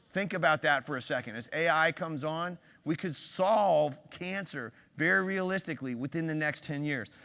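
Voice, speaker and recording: Older male keynote speaker, fairly high and bright-toned, punchy stage delivery that pokes questions at the crowd, hall reverb. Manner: energetic, quizzes the audience with quick questions. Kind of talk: conference keynote. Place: large conference hall.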